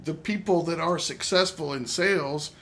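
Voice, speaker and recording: A man's voice: on the high side, moderate pace, a bit bright. Talkative male podcast host. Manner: talkative, steers the conversation. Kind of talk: casual podcast chat.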